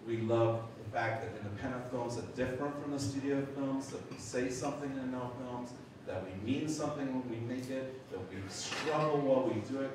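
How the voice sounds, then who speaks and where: A middle-aged man telling a lively anecdote at a memorial, swearing, laughing and acting out other people's voices. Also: mid-range voice. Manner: animated storyteller, swears, acts out voices, laughs. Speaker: memorial speaker. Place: large event hall. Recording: echoey hall from far off, noisy.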